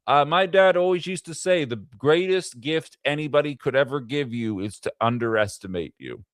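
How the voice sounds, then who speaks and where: Guy rambling on his live politics stream, smooth clear voice, dry close mic. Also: fairly high pitch, normal speed, no room sound. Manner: conversational, rambling, reads viewer comments aloud, frequent fillers. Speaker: political talk show host. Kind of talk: live-streamed casual commentary.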